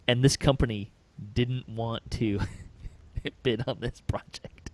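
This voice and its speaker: A man's voice: fairly low pitch, fairly even intonation, moderate pace. A man hosting a podcast, chatting casually and telling stories with many fillers and small chuckles. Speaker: podcast host. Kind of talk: casual chat.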